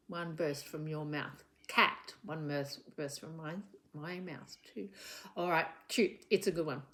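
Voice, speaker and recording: A woman teaching young children about words and sounds with a puppet, gentle and encouraging, sounding out letters and sometimes whispering softly. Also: on the low side. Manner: gentle, encouraging, slow and drawn out. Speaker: children's literacy presenter. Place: home living room.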